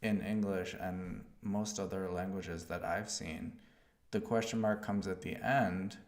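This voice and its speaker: A man streaming himself learning Spanish, slowly thinking aloud as he works out verb forms. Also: sits low, steady tone, darkish tone, roomy sound. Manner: slow, musing, talks to himself while working out conjugations. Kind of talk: live-streamed self-study, thinking aloud.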